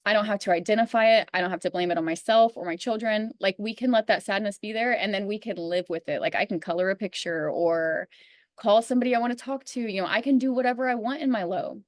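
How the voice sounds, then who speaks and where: A woman's voice: mid-range voice, quick pace, dry recording, clean studio sound. Earnest woman giving casual spiritual talk. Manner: earnest, coaching, lots of fillers like "you know" and "like". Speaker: astrology reading host.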